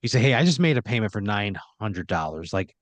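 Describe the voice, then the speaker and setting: Brief: male podcast host, low register, deadpan comic narrator, dry studio sound. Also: no echo. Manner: deadpan second-person narration with drawn-out phrases. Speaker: podcast host spinning a scenario. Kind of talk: improvised comedic storytelling.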